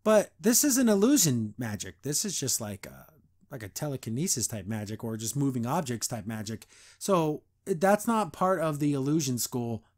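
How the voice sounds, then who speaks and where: A man's voice: mid-range voice, very animated, a little mellow. A young man hosting a podcast, reviewing a cartoon episode in casual, chatty commentary and mimicking the characters as he goes. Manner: chatty, quotes characters in quick voices, frequent laughs.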